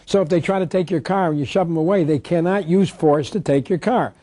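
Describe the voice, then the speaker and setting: A man's voice: on the high side, fairly quick, dark tone, no echo. A man giving an instructional talk, emphatic, asking rhetorical questions and answering them himself. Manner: reads statutes aloud. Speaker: tax protest lecturer.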